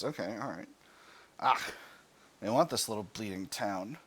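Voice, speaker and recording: A man with an American accent reads a strategy game's story text in a steady, deliberate way. He then slips into loose, conversational asides, restarting and correcting himself as he plays. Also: fairly low pitch, husky. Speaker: gaming channel host. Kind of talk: reading game text aloud with let's-play commentary.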